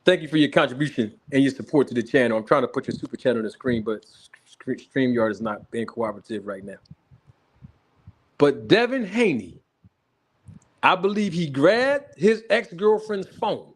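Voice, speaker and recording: A man hosting a boxing talk livestream in casual, animated commentary. He laughs often and greets viewers in the chat. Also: medium pitch, moderate pace, slightly rough.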